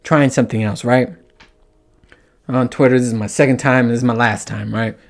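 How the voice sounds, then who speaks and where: A podcast host with a gravelly, medium-pitched voice tells a story in a casual monologue, talking fairly quickly. He's animated and profane, swearing often and acting out his own reactions.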